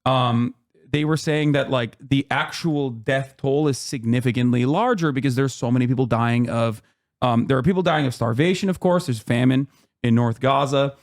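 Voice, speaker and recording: A man's voice: mid-range voice, normal speed. A man hosting a live stream, giving heated, casual political commentary with frequent swearing and emphatic outbursts. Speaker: streamer host.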